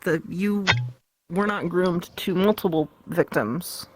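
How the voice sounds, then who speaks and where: A young woman, a guest in an interview, speaking in a matter-of-fact, halting way with fillers. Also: fairly low pitch, noisy background. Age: young adult. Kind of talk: casual interview chat.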